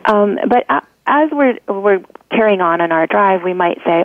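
A woman's voice: medium pitch, animated, normal speed, few pauses, no room sound. A woman hosting a talk show, giving casual advice and talking things through with fillers and restarts. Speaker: podcast host. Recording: tinny phone-line sound.

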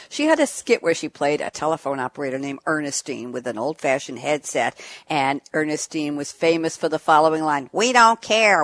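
A woman's voice: deep voice, dry recording. A woman hosting a panel show, introducing the topic and guests with chatty, jokey asides. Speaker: show host and moderator.

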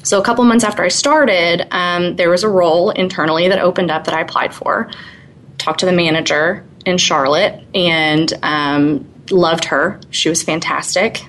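A woman's voice: on the low side, fairly even intonation, normal speed, a bit bright, slight background noise, poor audio. A woman in her twenties telling her story as an interview guest, chatty with frequent little laughs and fillers.

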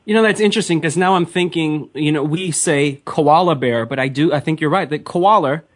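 A man's voice: a little high, brisk. A man hosting an online radio interview show, talking casually and rambling with frequent laughs. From Philadelphia area. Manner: chatty, rambling, laughs often.

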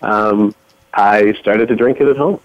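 Relaxed man chatting over a dull line. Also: on the low side, a little slow, dry recording. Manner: relaxed, hesitant, full of fillers. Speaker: radio show guest. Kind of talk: casual storytelling on a radio call.

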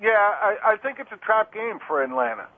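A man's voice: high voice, sing-song, a little fast, husky. A man giving fantasy football analysis as a guest, with frequent restarts and fillers. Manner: hesitant restarts, lots of "you know". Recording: tinny phone line.

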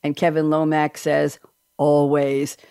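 A middle-aged woman hosting a talk show, chatty and playful, with lively asides. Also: sits low, slow, smooth, no room sound, clean studio sound. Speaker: host.

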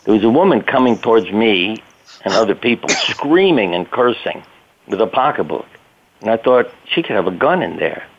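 A man's voice: fairly low pitch, very animated, moderate pace. Older man telling stories over a phone. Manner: anecdotal, plainspoken, casual swearing. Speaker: physician and interview guest. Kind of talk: conversational storytelling. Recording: tinny phone line.

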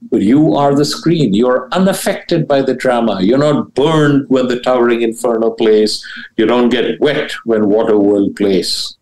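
A man, a spiritual teacher and guest, explaining ideas in an animated, emphatic way with blunt, casual wording and big swoops in pitch. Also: a little slow, rough recording. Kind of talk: animated interview talk about spirituality.

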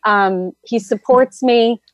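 Animated woman telling a story, dry sound. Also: fairly high pitch, takes it slowly, no room sound. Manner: animated storyteller, rambling with many fillers. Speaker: guest, energy healer. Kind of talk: casual interview storytelling.

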